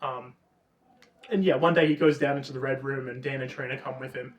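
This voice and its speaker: A man co-hosting a casual book review chat, retelling the plot with lots of swearing and animated energy. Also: medium pitch, a little fast. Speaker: podcast co-host. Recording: roomy, distant mic.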